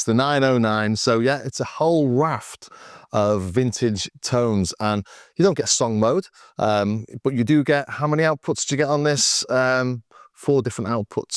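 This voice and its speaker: A man's voice: on the low side, dry recording, studio quality. A man casually demonstrating drum machines, thinking aloud as he works through settings and numbers. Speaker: synth demo host.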